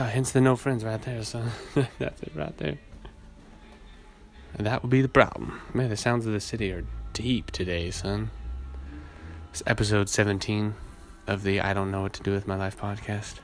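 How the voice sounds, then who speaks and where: A man with a naturally low voice hosting a casual solo podcast, rambling and laid-back, swearing often. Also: steady tone, moderate pace, gravelly. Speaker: podcast host. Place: outdoors in a city, weed whacker nearby.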